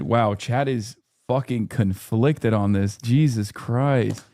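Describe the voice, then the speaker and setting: A man's voice: medium pitch, takes it slowly, hardly any pauses, dark tone, no room sound. A man hosting a live stream, joking and bantering with his chat in casual talk. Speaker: streamer host.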